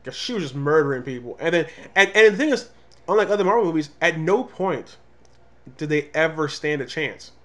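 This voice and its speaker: Animated man chatting about a movie. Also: on the high side. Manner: animated, puts on quick voices when quoting characters. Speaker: comic review show co-host. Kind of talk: casual movie review chat.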